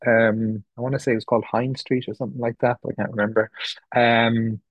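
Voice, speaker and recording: A man's voice: mid-range voice, little pitch movement, brisk, dry recording, dull audio. A man in his thirties from the west of Ireland, speaking with an Irish accent, shares his recovery story at a meeting in a candid, rambling way. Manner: candid, rambling, many fillers and restarts. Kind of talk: personal testimony talk. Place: meeting room.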